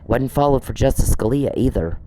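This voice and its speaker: A man's voice: mid-range voice, animated, brisk, warm tone, low-quality recording. A man on a podcast, delivering an angry, profane monologue aimed straight at one person he scolds. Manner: indignant, profane, scolding someone directly.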